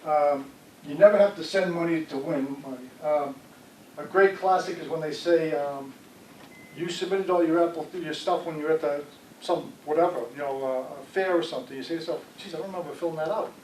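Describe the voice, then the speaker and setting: Guy giving a community talk on scams, chatty, slightly high voice, far off mic in echoey room. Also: moderate pace, a little hiss or hum. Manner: conversational, asks audience "right?" often. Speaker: fraud prevention speaker. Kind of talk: community presentation.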